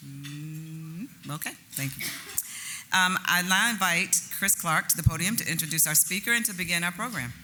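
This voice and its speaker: Casting: high-pitched, very bright male voice, halting announcements, faint noise. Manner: hesitant, with many fillers. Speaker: meeting presider. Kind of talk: announcements at a meeting.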